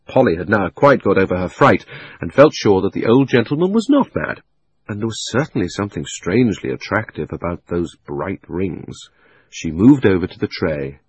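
A low-voiced male narrator reading a storybook aloud, husky in tone. His pitch rises and falls freely as he tells the tale, in an expressive audiobook style. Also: moderate pace.

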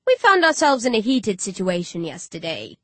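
A woman's voice: fairly high pitch, animated, moderate pace, a bit bright, no echo. A smug, simpering male creep, voiced by a woman narrator, crude and pleased with himself. He speaks from close by in a dry, close recording.

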